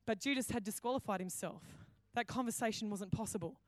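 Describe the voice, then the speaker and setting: A woman pastor, preaching a sermon with animated storytelling and acted-out dialogue. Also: mid-range voice, fairly quick, no room sound. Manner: animated storytelling, acting out quoted voices. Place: church hall.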